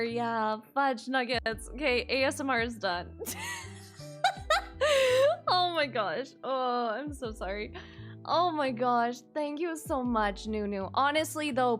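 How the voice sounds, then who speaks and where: A high-pitched woman streamer talks to her chat in an excitable, bubbly way, swapping swears for silly food-based exclamations. She speaks at an unhurried pace over faint game music. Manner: excitable, cutesy minced oaths.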